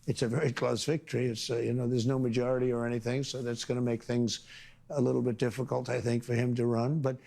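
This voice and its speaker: A man's voice: mid-range voice, little pitch movement, quick pace, creaky, dark tone. A man answering interview questions as president, in boastful, repetitive, rambling short phrases.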